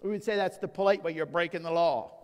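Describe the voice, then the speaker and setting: High-voiced preacher, big reverberant hall. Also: male voice, fast. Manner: emphatic preaching with rhetorical questions and anecdotes. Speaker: pastor. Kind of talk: sermon. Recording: long church reverb.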